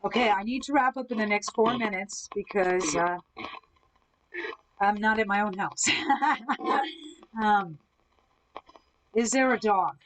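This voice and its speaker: A woman hosting a live ghost hunting session, calmly asking the spirits questions from indoors at someone else's home. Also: mid-range voice, slow pace, long pauses, low-quality recording. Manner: calm, coaxing questions to spirits. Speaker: ghost hunter host.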